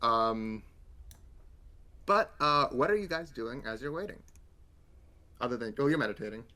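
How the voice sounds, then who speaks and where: A man narrating as game master of a tabletop role-play, halting with many ums and uhs. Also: medium pitch, expressive, sharp tone.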